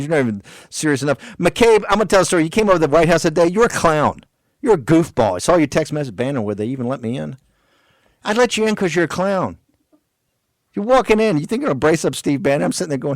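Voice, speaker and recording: A man's voice: on the high side, expressive, a little fast, no echo. A man in his sixties hosting a radio show, ranting heatedly and hurling repeated insults. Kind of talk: heated political radio monologue.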